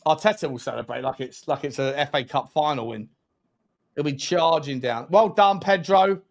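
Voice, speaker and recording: A man hosting a football watch-along, reacting with animated, mocking banter. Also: fairly high pitch, moderate pace. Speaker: host.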